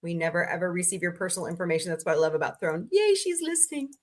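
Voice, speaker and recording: A woman hosting a casual livestream, greeting viewers by name and listing her channels, tired and low on energy today. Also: little pitch movement, racing. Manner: chatty, greets viewers by name, rattles off lists. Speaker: livestream host.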